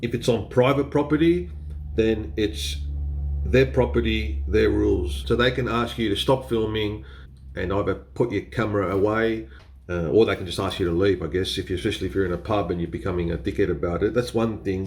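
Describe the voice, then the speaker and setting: A man's voice: fairly low pitch, brisk, darkish tone. A man with an Australian accent chatting casually to camera as a photography vlogger, laughing often and swearing a little. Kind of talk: casual explainer talk to camera.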